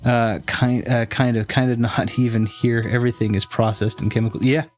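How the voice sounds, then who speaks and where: A man's voice: mid-range voice, flat delivery, moderate pace, darkish tone, faint music behind. A man with a fairly neutral American accent, streaming a game and chatting casually with viewers in a rambling, self-correcting way. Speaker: let's play streamer. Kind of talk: casual chat with viewers while gaming.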